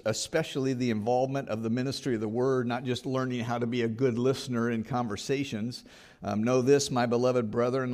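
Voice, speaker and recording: A man's voice: mid-range voice, darkish tone. A man preaching a Sunday sermon as pastor, earnest, reading scripture aloud and rising in emphasis on key points.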